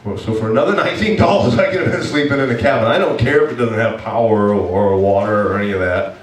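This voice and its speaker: Male pastor storytelling, lively and self-mocking, sounds kinda far off in a roomy echoey church. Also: on the low side, fast, a little hiss or hum. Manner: animated, self-mocking, acts out his own complaints. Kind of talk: storytelling sermon. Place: church hall.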